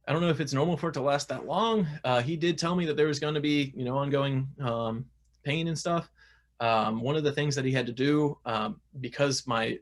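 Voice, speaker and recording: Gravelly-voiced man chatting casually. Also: medium pitch. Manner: chatty, many fillers and restarts. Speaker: guest. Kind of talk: casual interview talk.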